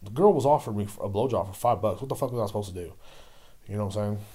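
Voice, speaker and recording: A man's voice: on the low side, rapid-fire, warm tone, slightly rough. A young man ranting casually and profanely, rambling and repeating "you know what I'm saying.". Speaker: vlogger; liquor store worker. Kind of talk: casual rant.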